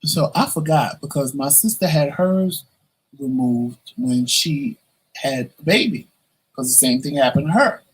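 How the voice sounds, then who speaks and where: A vlogger tells the camera a personal story in a relaxed, chatty way, animatedly acting out the voices of the people involved. His mid-range voice is unhurried with a breathy edge, and the recording is rough.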